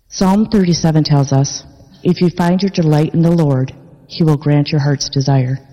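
A woman parishioner reading her personal faith testimony in an earnest, measured way in a church. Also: sits low, mellow. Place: large church worship space. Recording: long church reverb.

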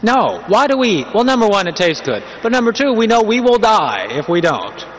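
A man's voice: high-pitched, very animated, fairly quick, slight background noise. A man giving a conversational sermon, telling a humorous story and asking rhetorical questions. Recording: long hall reverb, faint ambience.

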